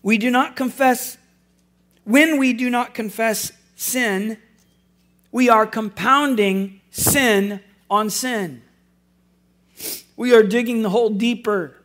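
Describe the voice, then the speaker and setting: A man's voice: very high voice, fairly even intonation, slow, pauses often, fairly bright tone. A man preaching as a pastor, earnest and conversational, with wry self-deprecating asides. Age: adult with school-age children. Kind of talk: sermon.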